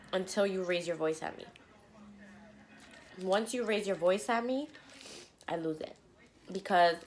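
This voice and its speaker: Blunt, animated young woman telling a story. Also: lowish voice, a little hiss or hum. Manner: animated, blunt, swears freely. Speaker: mukbang vlogger. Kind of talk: storytime chat while eating.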